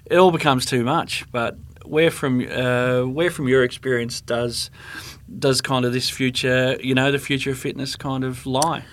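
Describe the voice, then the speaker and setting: Aussie podcast host, middle pitch, casual, lots of you knows. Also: male voice, steady tone, moderate pace. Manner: loose, filler-heavy questions with many "you know"s. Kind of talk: casual conversational interview.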